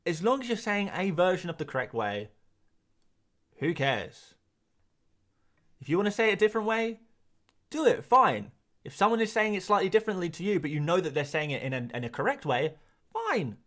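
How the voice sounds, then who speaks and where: A young man from England talks loosely to his live-stream chat, and his pitch sits a little high. His voice leaps up and down as he rambles through quick asides and answers to questions. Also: very animated, fairly bright tone.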